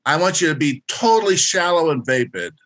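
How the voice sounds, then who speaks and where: A man with a bright, forward voice running an interactive career workshop. He speaks directly and instructively and keeps encouraging the people taking part. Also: fairly high pitch, animated, a little fast.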